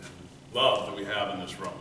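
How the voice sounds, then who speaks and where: A man giving a prepared storytelling speech at a speech contest, earnest, moving between loud emphasis and quiet, hushed passages. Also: on the low side, fairly even intonation, fairly quick. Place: meeting room before an audience. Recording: echoey room, mic from far off, faint noise.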